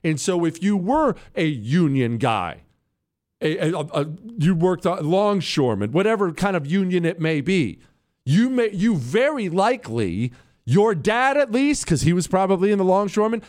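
Animated, opinionated male talk host. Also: high-pitched, moderate pace. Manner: animated, opinionated, addresses producers and listeners directly. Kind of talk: political talk monologue.

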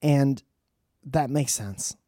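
A man's voice: medium pitch, drawn-out words, mellow, no room sound, studio quality. A man doing a rambling, profane comedic monologue with joking asides.

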